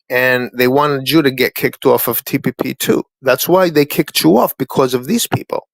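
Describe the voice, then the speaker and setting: A man's voice: medium pitch, normal speed, creaky, few pauses, dry recording, low-quality recording. A man ranting as a guest on a livestream panel, confrontational and profane, repeating himself to drive points home. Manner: confrontational, profane, repetitive trash talk. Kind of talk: heated livestream rant.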